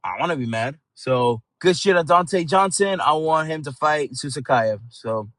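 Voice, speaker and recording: Dude ranting thru a fight recap, swears nonstop, kinda high voice, dry close sound. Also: male voice, lively intonation, moderate pace, a bit bright, no room sound. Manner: profane, heated and rambling. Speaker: channel host recapping fights.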